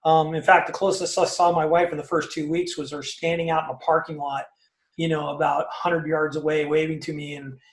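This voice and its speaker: A man's voice: fairly high pitch, little pitch movement, brisk, roomy sound. A man in his fifties telling his own story as an interview guest, talkative and emphatic, with many fillers and tag questions. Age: 50s. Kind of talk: personal story in a casual interview.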